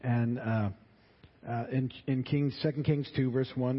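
Man, Bible teacher, reads passages and then explains them casually, husky voice, muffled lo-fi recording. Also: mid-range voice, steady tone, a little slow. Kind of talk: Bible teaching, reading scripture with commentary. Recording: dull lo-fi sound with long reverb.

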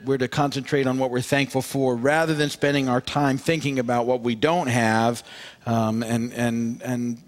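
A man preaching a sermon to his congregation as pastor, speaking conversationally with many fillers and repeated words. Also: mid-range voice.

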